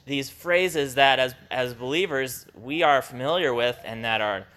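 A man leads a congregation through a Bible passage at an unhurried, deliberate pace. His tone is bright and a little taut. He talks in a loose, conversational way, often restarting his sentences, and adds small chuckles as he goes. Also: mid-range voice. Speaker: pastor. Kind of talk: informal Bible teaching to a congregation.

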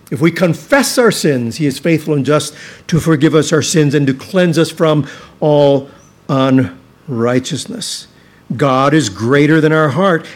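A man with a slightly higher voice preaches a sermon from the pulpit. He speaks earnestly and emphatically, stretching out the words he wants to stress. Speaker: pastor.

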